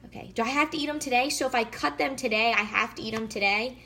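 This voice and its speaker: Bubbly, bright-voiced chatty woman. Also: a little high, fast talker. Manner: bubbly, chatty, many fillers. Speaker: fitness vlogger. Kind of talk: casual live cooking chat. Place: home kitchen.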